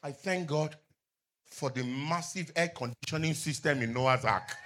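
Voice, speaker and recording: A middle-aged man preaching a sermon as pastor, asking the congregation to finish his lines and rising to shouts. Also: a little high, a little slow, very noisy. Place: church with outdoor canopy seating.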